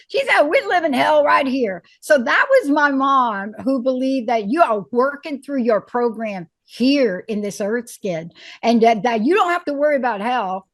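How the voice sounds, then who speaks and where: A woman's voice: fairly high pitch, no echo. Woman host, dry close sound. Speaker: talk show host. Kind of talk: conversational interview hosting.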